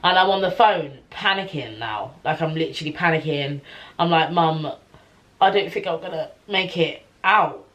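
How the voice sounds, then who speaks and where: A young woman telling a personal story to camera in a chatty, animated way, full of slang and fillers. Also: low-pitched, normal speed. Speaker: vlogger.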